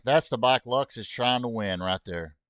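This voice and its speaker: A gaming streamer with a mid-range, slightly bright voice plays a racing game, chatting casually with viewers. He rambles, gets sidetracked by jokes, and tosses "y'all" asides to chat, all in clean studio sound with no echo.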